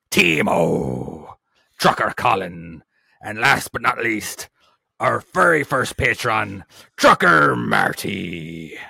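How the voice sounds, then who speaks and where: A man putting on a raspy pirate voice with an Irish accent, talking out of the side of his mouth. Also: lowish voice, sharp tone, dry recording, studio quality, exaggerated voice. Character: raspy grown male pirate, gruff and hammy.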